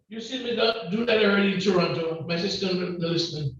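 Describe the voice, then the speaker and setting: A man with a Grenadian accent preaching a lively sermon and joking back and forth with the congregation. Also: high-pitched, fast, few pauses. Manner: loud, call-and-response, joking with the congregation. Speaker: guest preacher. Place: church hall. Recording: distant, echoey and muffled hall recording.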